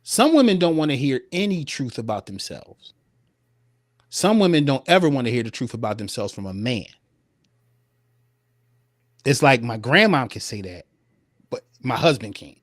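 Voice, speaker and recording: A man co-hosting a live talk about relationships, asking questions in an animated way with frequent restarts. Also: mid-range voice, normal speed, pauses often, dry recording, studio quality. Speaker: co-host.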